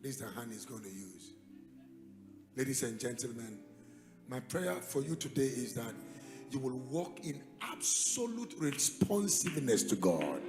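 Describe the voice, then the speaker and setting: A man with a Ghanaian accent preaching a sermon, telling a story dramatically and building to loud, emphatic peaks. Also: fairly high pitch. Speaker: pastor. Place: church hall. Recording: echoey hall with music behind.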